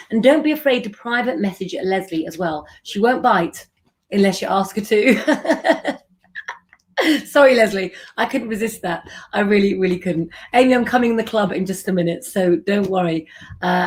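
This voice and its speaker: A woman's voice: mid-range voice, a little mellow. A middle-aged woman hosting a live stream, chatting affectionately with viewers and giving tarot readings.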